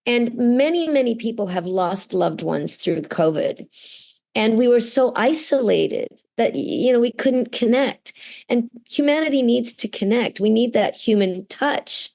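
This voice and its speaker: A middle-aged Canadian woman, a voice actor appearing as a guest in an interview conversation, speaks earnestly and expressively, acting out the people she quotes. Her slightly high, slightly mellow voice has lively intonation and an unhurried pace.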